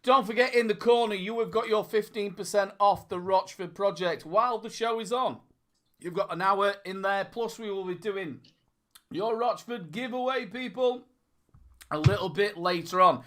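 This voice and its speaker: A man hosting a live online chat show, announcing giveaways and laughing with his co-hosts. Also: high voice. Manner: loud, laughing, promo-style announcing. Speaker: host. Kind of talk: casual live-stream banter.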